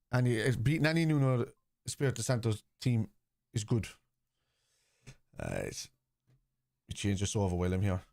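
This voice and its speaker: A man's voice: on the low side, darkish tone, dry recording, studio quality. Chatty man streaming a football watchalong. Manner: chatty, answers viewers' comments aloud. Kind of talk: casual live commentary, reading chat.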